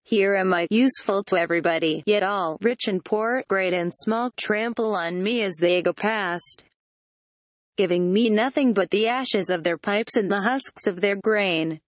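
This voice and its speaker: A text-to-speech woman's voice reading the lines of a weary, complaining talking road in a storybook, in a flat synthetic delivery. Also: medium pitch, measured pace, no room sound, close to an everyday voice.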